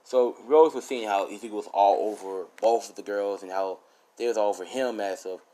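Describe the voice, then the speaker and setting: A man's voice: on the low side, fairly quick, warm tone, poor audio. A man casually telling a fan story, rambling with lots of fillers and swearing.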